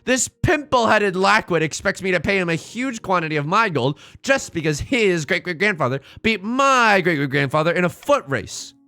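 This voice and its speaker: A man's voice: high voice, animated, normal speed, few pauses, sharp tone, no room sound, full character voice. A man voicing a pompous, indignant male noble who hurls insults in theatrical outrage. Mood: outraged.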